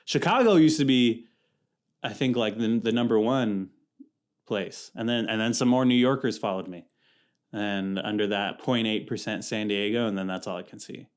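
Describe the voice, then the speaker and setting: Young man, podcast host, casual solo chat, loose slangy rambling, mid-pitched voice. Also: clean tone. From California. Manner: rambling, slangy, self-interrupting.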